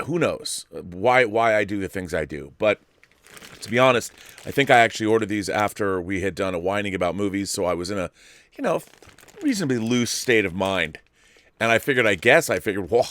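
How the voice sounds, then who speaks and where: A middle-aged man hosts his own livestream, talking casually with playful, grandiose flourishes and rambling tangents. His voice sits low, and the sound is dry and close to the mic. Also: fairly bright tone, no echo. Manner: playful, grandiose self-introductions, rambling asides. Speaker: show host. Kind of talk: casual solo livestream chat.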